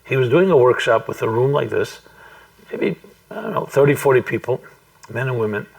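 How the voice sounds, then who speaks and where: A man, a rabbi, telling a story to a live group, speaking thoughtfully and deliberately with frequent restarts. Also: mid-range voice, expressive, creaky, a little mellow, far from the mic, rough recording. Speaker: rabbi giving a talk. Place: room with a small audience.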